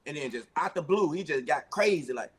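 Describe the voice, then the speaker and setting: A man who is a podcast guest, telling casual stories and acting out quotes loudly. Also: on the high side, fairly quick, husky. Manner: animated, acts out quotes loudly. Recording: background noise.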